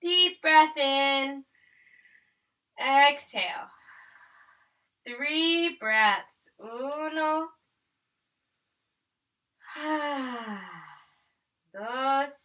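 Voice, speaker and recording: A woman teaching a family yoga class. She gently guides each pose step by step and counts the breaths. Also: high-pitched, extremely slow, pauses often, distant mic, a little hiss or hum, low-quality recording. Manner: calm step-by-step guiding, counting breaths, switching between English and Spanish. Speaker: yoga instructor.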